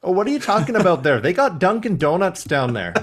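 A man from Canada co-hosting a podcast over a video call, chatty and quick to laugh. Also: sits high, big pitch swings. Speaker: podcast co-host. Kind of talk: casual chat.

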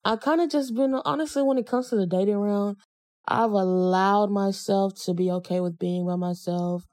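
A woman's voice: medium pitch, normal speed, dry recording. A young adult woman hosting a podcast in a casual chat, telling stories bluntly with lots of slang. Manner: blunt, slangy, animated storytelling. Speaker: podcast host.

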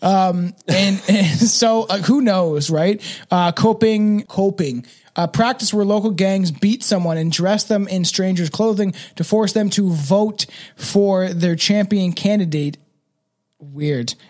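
A man with a notably high voice hosts a casual podcast chat. He rambles through stories, full of fillers and restarts. He sounds like a man in his thirties from Canada. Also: slow, darkish tone. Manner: rambling storytelling with frequent fillers and laughs. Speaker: podcast host.

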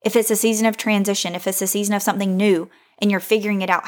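A woman's voice: mid-range voice, quick pace, hardly any pauses. A woman in her thirties hosting a faith podcast, speaking in an earnest, confessional way, close to tears, repeating phrases for emphasis. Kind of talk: heartfelt devotional monologue.

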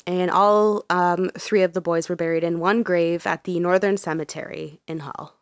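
A woman's voice: fairly low pitch, fairly even intonation, normal speed, clear, resonant tone, no room sound, studio quality. A woman hosting a podcast who is sick, telling a true crime case in a casual, chatty way and saying "like" a lot. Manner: chatty, laughs often, says "like" a lot. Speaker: podcast host.

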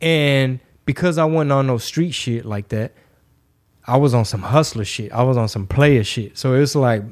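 A man from Texas telling stories in a casual talk show, lively and swearing freely. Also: mid-range voice, normal speed. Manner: animated, swears freely, acts out quotes. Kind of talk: casual storytelling.

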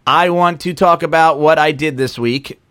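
A man's voice: a little high, moderate pace, fairly bright tone, clear, resonant tone, no echo, clean studio sound. A young man, co-hosting a podcast in casual, rambling chat, often stopping and restarting his sentences. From Philadelphia area. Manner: rambling, self-interrupting, easygoing. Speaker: podcast co-host.

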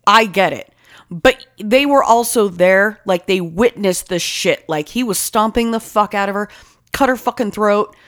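A woman at a middle pitch, talking casually and swearing through nearly every line. She tells a story with heat and animation, jumping between details as it spills out. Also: unhurried, fairly bright tone. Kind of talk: casual chat.

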